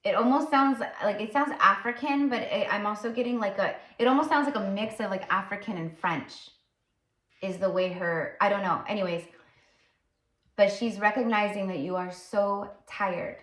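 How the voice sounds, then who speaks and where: A woman's voice: medium pitch, normal speed, fairly bright tone. A woman psychic tarot reader talking casually while channeling, rambling and full of fillers. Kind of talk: casual spiritual channeling talk. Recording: roomy echo.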